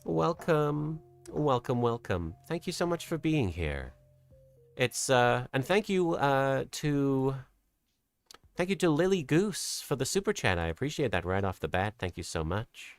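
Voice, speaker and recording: A soft-spoken streamer with an English accent drifting toward American, chatting casually with a live chat and working toward a lighter, more feminine voice placement. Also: mid-range voice, very animated, a little slow, no room sound, soft background music. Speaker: streamer and host. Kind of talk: casual livestream chat, reading out chat.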